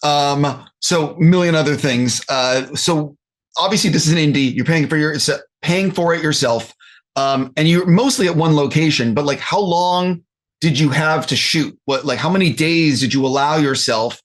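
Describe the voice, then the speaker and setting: Relaxed male interviewer, slightly high. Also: normal speed. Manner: relaxed, curious, swears casually. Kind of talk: casual interview questions.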